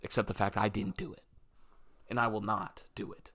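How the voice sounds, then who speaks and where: A man's voice: fairly low pitch, fairly even intonation, normal speed, fairly bright tone. Rambling, jokey young man. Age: 20s. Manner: rambling, jokey, swears freely, drifts between topics. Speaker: podcast host. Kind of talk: casual solo podcast chat.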